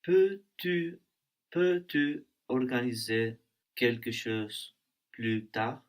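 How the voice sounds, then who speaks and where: A man's voice: medium pitch, expressive, slow pace. A man answering as a student in a language lesson, careful and a little hesitant.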